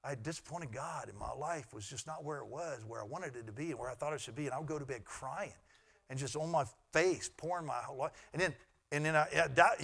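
Man, middle-aged pastor, sermon, earnest, slightly high voice, loud-to-hushed swings. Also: quick pace, creaky, husky.

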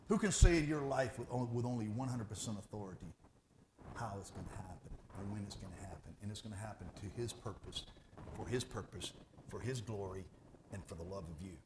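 A man preaching a sermon as pastor, animated and conversational, jumping from loud bursts to hushed asides. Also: fairly low pitch, background noise.

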